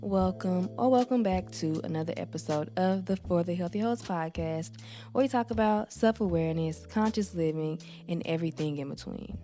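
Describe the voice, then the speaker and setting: A woman with a low, mellow voice hosts her podcast, still carrying her morning voice. She talks calmly and unhurriedly, drawing out her phrases, with soft music playing faintly behind her. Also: moderate pace. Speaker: podcast host. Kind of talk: soft-spoken affirmation talk.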